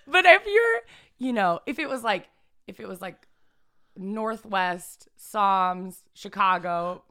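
A woman's voice: mid-range voice, lively intonation, takes it slowly, pushed and bright. A young woman from Northern California, a podcast guest chatting with lots of giggles. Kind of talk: casual chat.

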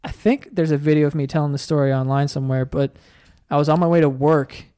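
A man's voice: fairly high pitch, fairly even intonation, fast talker, mellow, clean tone. A young man from New hosting a podcast, telling stories animatedly and swearing a lot. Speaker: podcast host. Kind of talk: casual chat.

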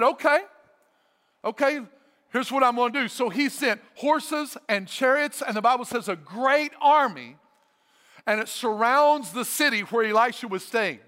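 High, bright-voiced preacher in a reverberant hall. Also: male voice. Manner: energetic, emphatic preaching with repeated phrases. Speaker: pastor. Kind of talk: sermon. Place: church sanctuary.

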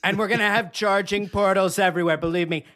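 Man putting on a boastful politician voice, high-pitched, repetitive superlatives, slow drawn-out bragging. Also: fairly even intonation, bright, forceful tone. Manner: repeats "believe me", "very sad", drawn-out boasts.

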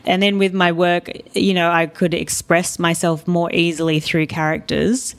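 Candid Australian woman, lowish voice. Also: moderate pace. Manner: candid, animated storytelling. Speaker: guest. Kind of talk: casual interview talk.

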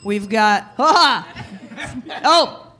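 A woman's voice: on the high side, lively intonation, extremely slow, pushed and bright, faint music behind. A woman hosting a live comedy quiz game, playful and laughing as she talks to the room. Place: live venue with an audience. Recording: noisy room with crowd chatter.

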